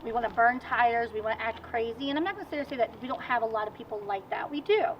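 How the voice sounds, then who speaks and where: A woman with a Virginian accent, a guest in a casual outdoor interview, telling stories in an animated, chatty way. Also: a little high, very fast. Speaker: guest, amateur racer. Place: outdoors at a car show. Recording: distant mic, dull sound, faint noise.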